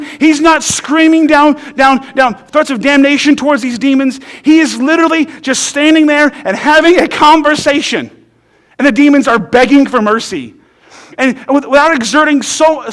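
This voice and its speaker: High-voiced pastor preaching casually. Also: male voice, fairly bright tone. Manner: conversational and humorous, often asks "right?"; emphatic storytelling. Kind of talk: sermon.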